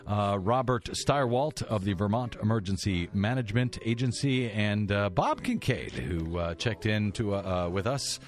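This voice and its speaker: Halting radio talk host. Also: male voice, lowish voice. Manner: halting, many "uh" fillers. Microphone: studio microphone.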